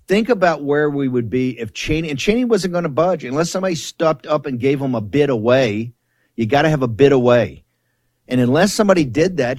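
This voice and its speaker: A man's voice: a little high, darkish tone, no echo, studio quality. A man hosting a political talk show, talking emphatically, repeating himself and cutting in on his guest. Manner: emphatic, repetitive, interrupts guest. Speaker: show host.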